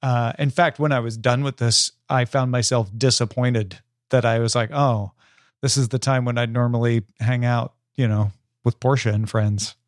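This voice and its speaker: A man's voice: medium pitch, steady tone, moderate pace, no room sound. A man co-hosting a casual book podcast with dry, teasing humor. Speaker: podcast co-host.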